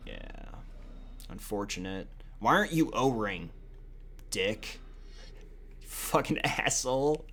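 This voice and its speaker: A man's voice: lowish voice, a bit bright. A young man giving casual, profane, sarcastic commentary on a card game he is playing, often muttering to himself. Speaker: gaming video host.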